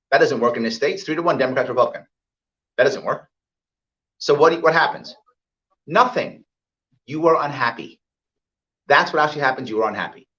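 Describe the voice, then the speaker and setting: A man delivers a campaign speech, pounding home each point and repeating it for effect. His pitch swings widely, rising high for emphasis and dropping low. The recording is dull and lo-fi. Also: a bit bright. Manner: emphatic, repeats points, acts out quoted voices. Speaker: political candidate. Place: event hall with live audience.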